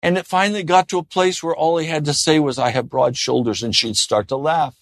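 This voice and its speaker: A man preaching a sermon in an earnest way, often dropping to a soft, gentle tone. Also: on the high side, expressive, a little fast, no room sound. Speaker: pastor.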